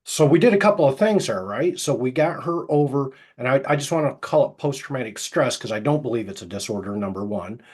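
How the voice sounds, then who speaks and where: A middle-aged man who works as a hypnotist, telling anecdotes casually and acting out the quoted dialogue, with a soft, slow voice for the hypnotic suggestions. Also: medium pitch, animated, slightly rough. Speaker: hypnotist guest. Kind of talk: casual storytelling interview.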